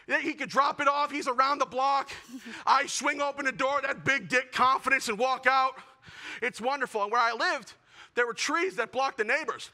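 A young adult man with a very high-pitched voice rattles through a self-mocking stand-up comedy set at a brisk clip, working up to shouted punchlines.

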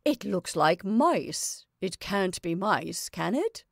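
A woman's voice: on the low side, sing-song, takes it slowly, gravelly, no room sound, studio quality, full character voice. A woman reading a story aloud, voicing a fussy, scatterbrained middle-aged mother giving orders. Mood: bossy, flustered. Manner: scatterbrained, bossy, dreamy.

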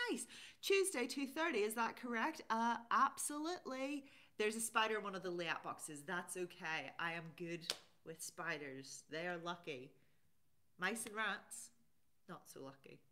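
A woman's voice: medium pitch, a bit bright. A woman hosting a casual live stream, chatting and reading out viewer comments. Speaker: livestream host.

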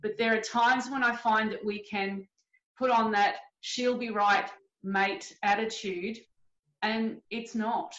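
A woman's voice: on the high side, fairly even intonation, a little slow, a bit bright. Australian woman host, roomy lo-fi sound. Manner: earnest, reflective, talks in long flowing sentences. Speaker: podcast host and coach. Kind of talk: podcast interview. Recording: roomy, dull lo-fi audio.

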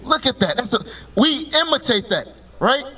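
High-voiced male street preacher. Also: big pitch swings, normal speed, bright, forceful tone, breathy edge. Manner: commanding, calls for each scripture reading with a curt "Read", then explains it; quizzes listeners with repeated "right?" and rhetorical questions. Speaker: street preacher teaching passers-by. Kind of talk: street preaching with questions to listeners.

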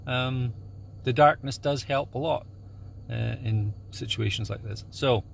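Creaky-voiced man chatting outdoors. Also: medium pitch, measured pace, a little hiss or hum. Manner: relaxed, chatty, with many fillers. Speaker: landscape photographer. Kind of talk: casual instructional vlog. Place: outdoors at a small airport at dawn, breezy.

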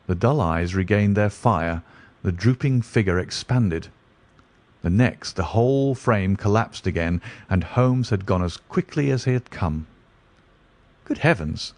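A man narrating a classic detective story in a steady, even reading voice. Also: lowish voice, unhurried.

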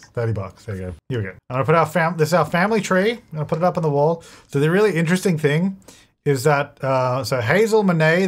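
A man hosting a gaming channel, thinking aloud in chatty gameplay commentary, self-correcting as he goes and breaking into excited bursts. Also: fairly high pitch. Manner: excitable bursts, quick laughs. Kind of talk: let's-play gameplay commentary.

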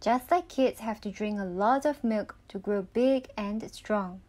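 A woman's voice: mid-range voice, measured pace, darkish tone, natural voice. A woman voicing a group of helpful young school friends giving advice. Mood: advising.

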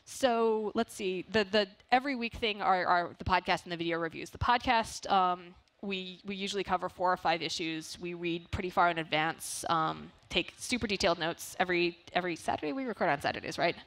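A woman speaking as a podcast guest in a panel interview on a convention stage, animated and full of restarts. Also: lowish voice. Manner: fast, animated, restarts a lot.

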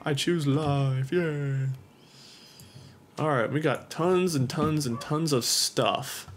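A man's voice: fairly high pitch, slow, slight background noise. A young man doing let's play commentary, goofy and self-mocking, talking to himself and to the game's creatures. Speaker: gameplay commentator. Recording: game music behind voice.

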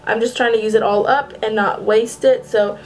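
A woman's voice: a little high, steady tone, normal speed, slight background noise, poor audio. A young woman talking through a casual makeup tutorial in a chatty way, often stopping to correct herself mid-phrase. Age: young adult. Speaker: beauty vlogger.

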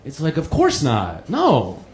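An American man with a mid-range voice performs a stand-up set in a noisy comedy club, taking his time as he delivers profane, animated mockery. The audience laughs throughout.

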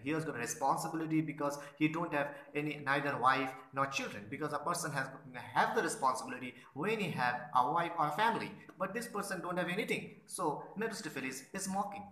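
A man's voice: on the high side, quick pace, hardly any pauses, sharp tone. A male literature lecturer explains a play line by line, reading quoted lines and then restating them in plain words. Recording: roomy echo.

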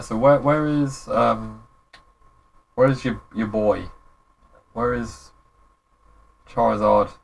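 A young man giving casual, rambling commentary as a gaming YouTuber, with relaxed, slangy reactions. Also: lowish voice, gravelly, slight background noise.

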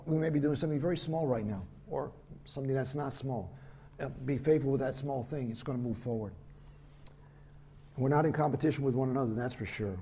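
An older man, a missionary preacher, telling lively stories in a sermon and acting out the voices of the people in them. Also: medium pitch, brisk, slight background noise. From United States. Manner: animated anecdotes, voices quotes, laughs at himself. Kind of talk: storytelling sermon. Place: church hall.

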